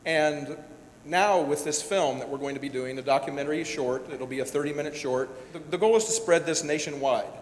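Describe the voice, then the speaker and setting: A man who works as a director-producer gives a personal, emotional speech to an audience, rambling and restarting as he goes. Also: brisk. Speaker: event speaker, director-producer. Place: large hall. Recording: echoey hall with faint rumble.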